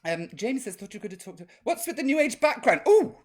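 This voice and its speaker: In a high voice with big pitch swings, a man talks fast while hosting a live-streamed chat show. He plays a cheeky, camp drag grandmother, reading out viewer comments in a naughty, chatty manner.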